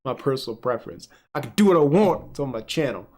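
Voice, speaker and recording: A man's voice: mid-range voice, expressive, fast, darkish tone. A man streaming live, giving casual, joking commentary with crude asides as he reads webtoons aloud.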